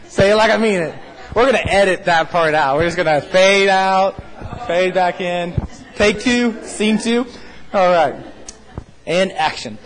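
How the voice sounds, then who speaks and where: A pastor preaching a sermon, repeating a scripture line slowly and emphatically, with frequent restarts. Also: male voice, high-pitched, a bit bright, big-room sound, slight background noise, poor audio. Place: church stage.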